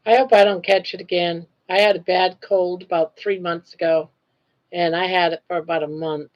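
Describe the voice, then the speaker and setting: A woman's voice: on the low side, steady tone, normal speed. Older woman chatting on a livestream. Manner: reads viewer comments aloud and greets chatters by name. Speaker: livestream host. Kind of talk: casual livestream chat. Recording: dull lo-fi livestream audio.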